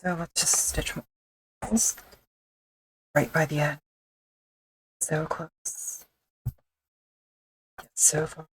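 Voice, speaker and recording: A woman with a notably low voice gives an offhand, self-mocking commentary as she stitches leather. She murmurs half to herself between remarks, with a faint hiss of noise underneath. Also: little pitch movement, slow, long pauses. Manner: wry, mutters to herself as she works. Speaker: leatherworker streaming her craft. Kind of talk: casual running commentary while working.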